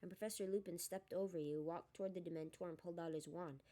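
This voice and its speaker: A woman's voice: lowish voice, fairly even intonation, dark tone, natural voice. A woman voicing an anxious, clever teenage girl in an audiobook reading. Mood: concerned. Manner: concerned, quick.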